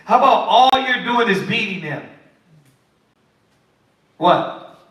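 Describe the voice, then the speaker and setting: A man preaches in a high, bright voice, animated and pointed, acting out little quotes. The mic sits some way off, so he is heard from a distance in a very echoey room. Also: takes it slowly. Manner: animated, preachy, acts out quotes of kids and parents. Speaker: Bible study teacher. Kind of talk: sermon-style teaching.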